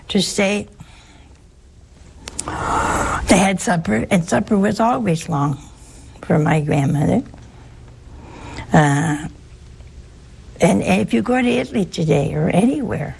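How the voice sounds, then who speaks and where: Raspy, gravelly woman; chatty, anecdotal spiritual speaker with a humorous touch. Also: lowish voice, a little mellow. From United States. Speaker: religious sister giving a talk. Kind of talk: informal spiritual talk to an audience.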